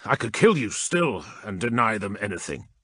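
A hard-bitten warrior captain with a gruff, growling voice, as a man reads him. He talks forcefully, raising his voice above the narrator's low tone, in a dry audiobook recording. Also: big pitch swings, normal speed, dry recording, full character voice. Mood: angry. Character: grim, angry male warrior captain.

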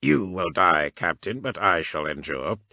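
Man doing a very low, sharp-edged, emotionless machine priest: slow, precise, unhurried. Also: animated, vocal fry, dry recording, heavily acted. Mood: cold. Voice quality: mechanized, emotionless. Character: cold mechanical cyborg male adept, calm and unfeeling.

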